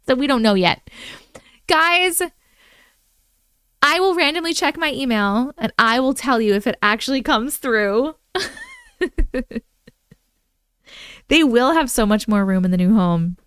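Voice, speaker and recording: A woman's voice: sits high, animated, unhurried, pauses often, a bit bright, smooth, dry recording, studio quality. A woman hosting a live stream from home, chatting casually and bubbling as she reacts to viewers' comments.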